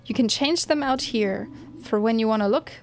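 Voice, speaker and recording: A woman's voice: a little high, moderate pace, close to an everyday voice. A woman voicing a laid-back, friendly young plant-folk guide in a video game, reading in an easygoing, breezy way.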